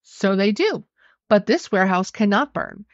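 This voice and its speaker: A woman voicing a courteous, coolly firm young gentleman in a storybook reading. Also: mid-range voice, animated, moderate pace, dry recording, lo-fi sound, lightly acted. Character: courteous young male master, cool, firm.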